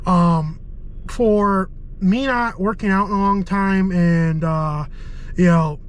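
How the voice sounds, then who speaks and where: Here a man speaks in a high, slow, clear voice with a resonant tone, though the recording is rough. He's a volunteer firefighter giving casual vlog chatter to viewers, breathless, sick and full of fillers, first out on a march and then sitting in his parked car.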